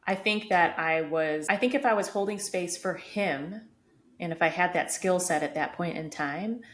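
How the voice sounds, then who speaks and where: A woman co-hosting a podcast, telling a personal story in an open, reflective way with lots of casual fillers. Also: deep voice. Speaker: podcast co-host. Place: home room, vacuum running outside the door. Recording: echoey room, faint background noise.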